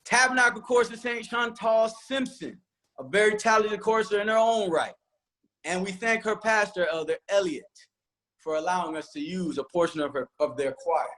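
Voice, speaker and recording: A high-pitched man speaks as a church choir director. He runs through a long list of thanks, moved and a little rambling, and keeps circling back to names. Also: moderate pace, a bit bright. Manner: emotional, rambling acknowledgements. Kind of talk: virtual panel thanks.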